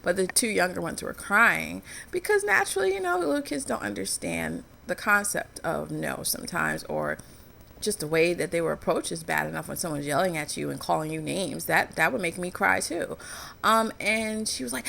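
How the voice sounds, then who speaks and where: Gravelly-voiced woman vlogging earnestly. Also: on the low side, lively intonation, normal speed, sharp tone, a little hiss or hum. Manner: earnest, frank storytelling. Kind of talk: candid personal commentary.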